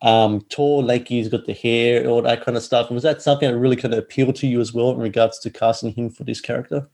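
Mellow-voiced male interviewer. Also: mid-range voice, steady tone, fast, creaky. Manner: hesitant, many fillers. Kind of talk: casual interview questions.

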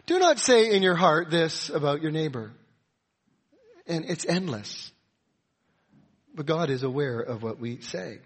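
A middle-aged man preaching a sermon, swinging from emphatic high points to quiet, confiding asides. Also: very animated, a little slow, long pauses, breathy edge. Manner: rises to emphatic peaks, drops to soft confiding asides. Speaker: pastor.

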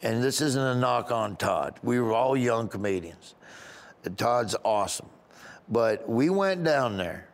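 A middle-aged man with a Southern US accent, a comedian telling stories in a casual interview, rambling and animated. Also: medium pitch, vocal fry. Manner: rambling, animated, acts out other voices. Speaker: comedian guest.

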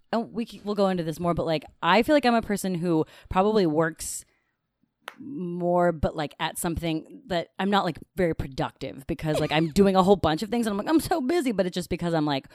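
A woman's voice: fairly low pitch, no echo. A young woman co-hosting a casual podcast, with a voice that leaps up and down as she talks. She chats animatedly and laughs easily. The sound is dry and close, with no room around her. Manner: animated, chatty, quick laughs. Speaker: podcast co-host. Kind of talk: casual chat.

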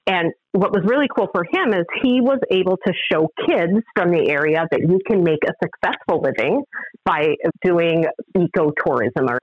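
A woman's voice: low voice, no room sound, muffled recording. A middle-aged woman telling a story as a podcast guest, acting out other people's lines. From Upper Midwest of the United States. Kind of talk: animated storytelling.

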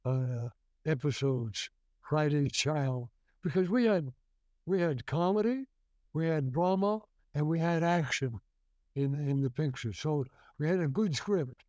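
A man's voice: on the high side, measured pace, a little mellow, dry recording. An older man, a guest actor, telling stories in an interview, rambling with many restarts. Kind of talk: storytelling interview.

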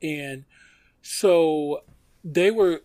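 A man's voice: on the high side, drawn-out words, no echo, studio quality. A man in his thirties from Detroit, telling rambling stories in casual chat with lots of fillers. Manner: animated storytelling, lots of fillers.

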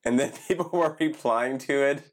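A man's voice: medium pitch, moderate pace. A man co-hosting a podcast, telling a story in casual chat and laughing often. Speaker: podcast co-host.

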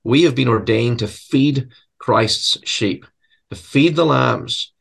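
A male preacher and seminary professor speaks in a conversational interview. His manner is earnest and reflective, lightened by self-deprecating humor, and he often repeats a word while searching for the right phrasing. His voice sits at an average pitch for a man. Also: takes it slowly, vocal fry, slightly rough.

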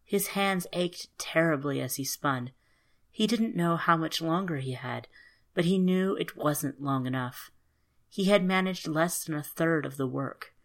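A woman calmly narrating a fairy tale in an even storybook manner. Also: low voice, unhurried.

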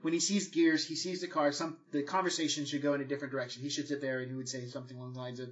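A man narrating as game master in a relaxed, rambling way. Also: mid-range voice, rapid-fire, hardly any pauses. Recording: dull lo-fi recording.

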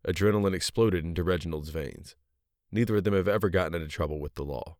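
A man narrating a story in a steady, even audiobook reading. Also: deep voice, fast talker, no room sound, studio quality.

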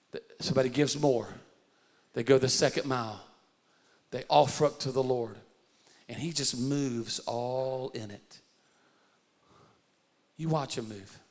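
A man preaching a sermon as pastor, telling stories with rising, animated delivery that breaks into shouts. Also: on the high side, in a large hall.

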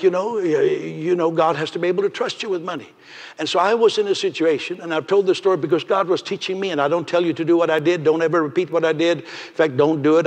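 A pastor preaching a sermon, lively and acting out the people in his stories. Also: fairly high pitch, big-room sound.

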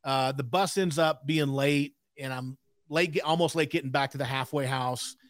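A man's voice: medium pitch, steady tone, moderate pace, no echo, clean studio sound. A man in his sixties, a podcast guest telling a candid story in an emphatic way with frequent asides.

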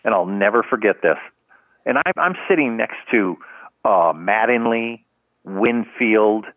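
A low-voiced older man spins a long, rambling anecdote, circling back with "you know" and halting restarts. His voice comes through a thin, phone-like line with no room sound at all. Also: expressive, no room sound. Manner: rambling anecdotes full of "you know" and restarts, acting out other people's lines. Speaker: guest, retired baseball team trainer. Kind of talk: casual storytelling in a podcast interview. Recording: tinny phone-like line, dry.

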